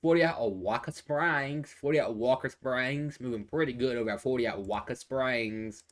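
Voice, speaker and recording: A man's voice: mid-range voice, moderate pace. A man giving casual live traffic and weather updates into a phone, rambling and repeating himself with many fillers and restarts. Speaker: amateur weather and traffic presenter.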